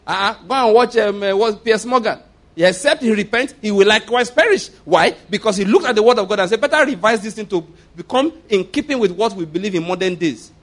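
A middle-aged male pastor preaching a sermon in an emphatic, animated way, often repeating his phrases. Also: high-pitched.

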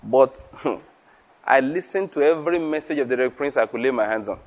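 A man's voice: mid-range voice, lively intonation, brisk. A man preaching, chuckling and asking rhetorical questions. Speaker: pastor. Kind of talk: teaching sermon.

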